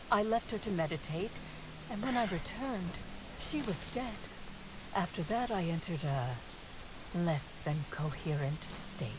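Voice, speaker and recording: A woman's voice: fairly low pitch, lightly acted. An actress voicing a scheming, theatrical female cult leader in a video game, with a grandiose delivery. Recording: game audio with clear background noise.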